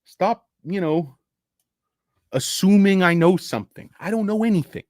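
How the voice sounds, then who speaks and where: A man's voice: high voice, lively intonation, normal speed, a little mellow, no echo. A middle-aged man hosting a casual livestream, rambling and cursing as he rants and reads chat. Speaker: stock livestream host.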